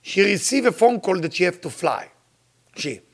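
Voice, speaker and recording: Older spiritual teacher, high-voiced, emphatic and repetitive, loose grammar. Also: male voice, big pitch swings, normal speed. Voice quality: non-native grammar. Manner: emphatic, repeats phrases, rises to sudden high exclamations. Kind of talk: sermon to followers.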